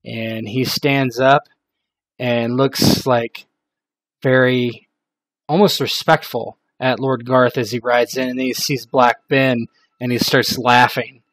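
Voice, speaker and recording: Acting as game master, a man narrates a tabletop role-playing game in a relaxed, rambling manner with many fillers. His mid-range voice moves slowly, and there is no echo.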